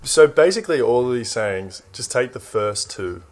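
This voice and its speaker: A young Australian man with an Australian accent, casually explaining slang in a relaxed drawl. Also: medium pitch, moderate pace. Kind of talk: casual explainer in a played clip.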